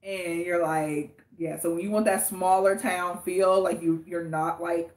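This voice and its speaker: A woman from the Los Angeles area co-hosting a casual podcast chat, animated and quick to laugh, trailing off into restarts. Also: lowish voice, roomy sound. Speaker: co-host.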